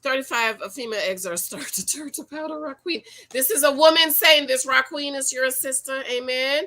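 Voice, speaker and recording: A middle-aged woman hosting a casual livestream about dating, reading viewer comments, animated and repeating her points in slang. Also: high voice, a little fast. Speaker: livestream host and dating coach.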